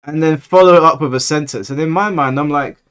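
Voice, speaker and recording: A man's voice: fairly high pitch, fast, a bit bright, smooth. A man in his thirties from London with a London accent, hosting a livestream and chatting casually with viewers, rambling through stories and acting out quoted speech. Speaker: livestream host.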